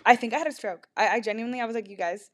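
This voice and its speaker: A woman's voice: fairly high pitch, rapid-fire. A young woman hosting a podcast, telling a rambling, self-deprecating story in casual confessional talk, full of "like" and swearing. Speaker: podcast host.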